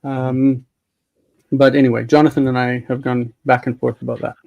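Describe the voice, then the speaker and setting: A man's voice: mid-range voice, flat delivery, normal speed, vocal fry, darkish tone, highs cut off. A man hosting a live Bible-reading discussion, patiently explaining grammar with many fillers. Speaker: host and Hebrew teacher.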